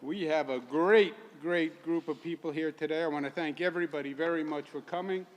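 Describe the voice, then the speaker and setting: A man's voice: on the high side, a little fast, big-room sound. A man in his sixties with a Queens, New York accent, giving a folksy, emphatic public speech as a state governor. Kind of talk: public speech at a press event. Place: public event in a neighborhood, with a crowd.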